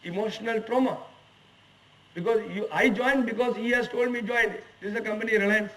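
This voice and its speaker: In a lecture hall at a management institute, an HR executive in his forties with an Indian English accent delivers a guest lecture, posing forceful rhetorical questions to the students. His high, fairly bright voice is steady and a little fast, and the recording is rough and taken from a distance.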